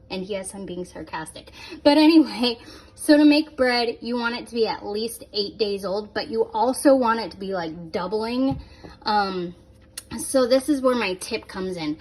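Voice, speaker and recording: Giggly woman rambling into her phone at home, a bit high, jokes about herself a lot. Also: normal speed, darkish tone. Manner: chatty, giggly, self-mocking. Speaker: vlogger. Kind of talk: casual home vlog.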